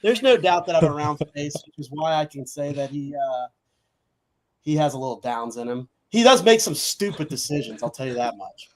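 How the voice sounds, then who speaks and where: Man, blunt crude sports banter, somewhat high pitch. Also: expressive, brisk. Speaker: podcast co-host. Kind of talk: casual sports talk.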